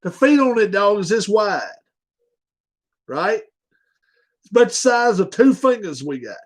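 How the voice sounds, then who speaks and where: High lively man ribbing a viewer. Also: a little slow. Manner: blunt, joking, profane. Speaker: livestream host. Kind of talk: casual livestream chat.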